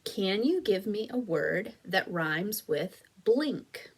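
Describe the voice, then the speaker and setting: A woman's voice: mid-range voice, lively intonation, takes it slowly, slightly rough. A woman teaching an early reading lesson for young children, patient and encouraging, sounding out and stretching words carefully. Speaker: elementary school teacher. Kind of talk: slow, clear phonics lesson video for children.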